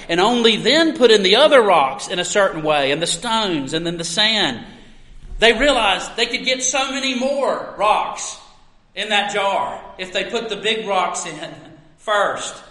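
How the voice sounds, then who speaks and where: A man preaching an expository sermon as a pastor, earnest and emphatic, with pauses for stress. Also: high-pitched, pushed and bright, reverberant, in a large hall, low-quality recording.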